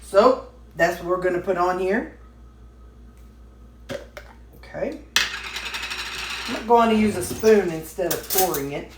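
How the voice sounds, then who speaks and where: A woman's voice: on the low side, animated, slow pace, pauses often, very noisy. A woman vlogging casually from her home kitchen, rambling along with plenty of fillers and restarts. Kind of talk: casual chatty diet vlog. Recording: echoey kitchen with dish clatter.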